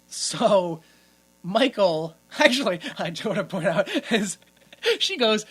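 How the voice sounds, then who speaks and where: This podcast co-host speaks slowly in a lowish, expressive voice, leaving long pauses. On a laid-back movie-riffing show, she lays on mock outrage, cursing and laughing frequently.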